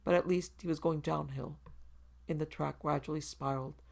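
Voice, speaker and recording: A man narrating a macabre short story in a measured, even storytelling delivery. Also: on the high side, creaky. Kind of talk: scripted horror story narration.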